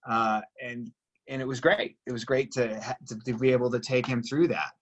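A young man from Boston, a breathwork guide and former personal trainer, explaining in an earnest, animated way during a casual conversation. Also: mid-range voice, normal speed, highs cut off, a little hiss or hum.

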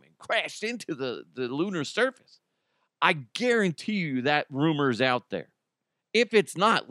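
A man's voice: medium pitch, pushed and bright, no echo, clean studio sound. A middle-aged man hosting a casual news podcast, slightly under the weather, rambling, joking and swearing freely. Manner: rambling, jokey, swears freely, laughs at his own jokes. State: slightly sick. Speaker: podcast host.

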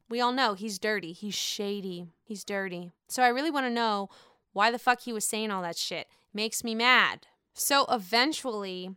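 A woman recapping a reality TV episode in a casual, gushing way, excitable and swearing freely. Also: fairly high pitch, smooth, no room sound, studio quality.

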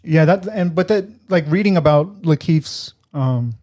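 A man co-hosting a podcast, talking earnestly about a film with many ums and pauses. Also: fairly high pitch, darkish tone. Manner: hesitant, lots of ums, earnest. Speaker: podcast co-host. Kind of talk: casual movie chat.

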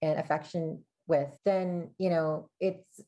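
A woman's voice: low voice, steady tone, takes it slowly, dark tone. A young woman co-hosting a casual advice chat, telling personal stories candidly with many fillers.

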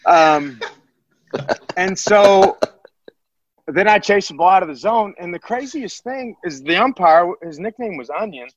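A man's voice: high voice, a little slow, long pauses, no echo. A man in his thirties tells his stories with energy, stumbling and restarting as he goes. The recording sounds dull and muffled, with a dry, close feel. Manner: lively storyteller with many restarts and fillers. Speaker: former college baseball catcher, now high school teacher. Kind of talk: storytelling in a podcast interview. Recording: dull, dry podcast audio.

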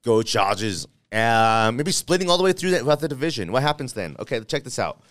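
A man hosting a sports talk show, playful and animated as he works through playoff scenarios out loud. His voice is smooth and resonant. The sound is dry and close to the mic. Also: medium pitch, a little fast, dry recording. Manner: animated, playful, thinks aloud with restarts. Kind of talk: casual sports debate.

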